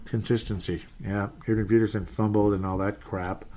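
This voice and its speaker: A fairly low, dark-toned male voice with level intonation and a moderate pace belongs to a podcast host, likely in his forties. He runs an informal live sports show, meandering through chat comments with self-deprecating exasperation.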